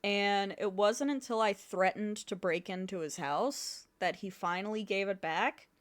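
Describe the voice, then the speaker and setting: A young adult woman streaming a game, telling a story in an animated, exasperated way with plenty of swearing. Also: medium pitch. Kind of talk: casual storytelling while gaming.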